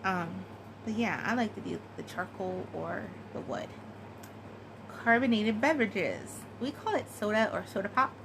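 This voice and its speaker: A woman's voice: medium pitch, moderate pace, noisy background. A woman chatting casually and giggling, with many fillers, as she answers a tag. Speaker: craft vlogger.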